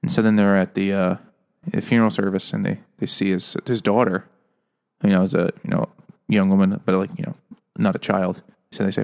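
A man with a gravelly, fry-laden voice rambles through a casual podcast chat. He tells long profane jokes, stumbles over his words and keeps laughing at his own punchlines. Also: low voice, level tone, brisk, darkish tone. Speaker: podcast co-host.

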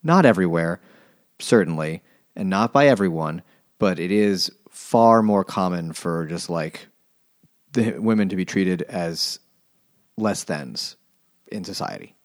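A man's voice: sits low, animated, measured pace, long pauses, no echo, clean studio sound. A man chatting casually and profanely about a book with friends, rambling and trailing off as he explains. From United States. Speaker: podcast co-host. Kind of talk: casual book-club chat.

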